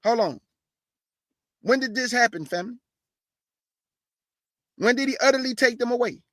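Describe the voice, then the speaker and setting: A man with a high, light voice preaching hard, blunt and combative, in plain street talk. He pushes up into forceful emphasis and then reads scripture aloud. The sound is close and dry, with no room around it. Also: normal speed, no echo. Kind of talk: fiery sermon with scripture reading.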